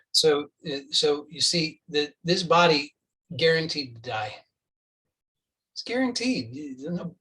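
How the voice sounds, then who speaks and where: A man's voice: mid-range voice, a bit bright, far from the mic, rough recording. A man giving an earnest, insistent spiritual talk, often restarting phrases and acting out imagined dialogue with the listener. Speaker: spiritual teacher.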